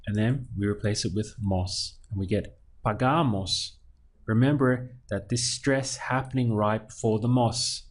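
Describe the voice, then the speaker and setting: A man's voice: mid-range voice, darkish tone. A man teaching Spanish verbs in a lesson, drilling each word patiently and stretching the syllables to show where the stress falls. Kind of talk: language lesson.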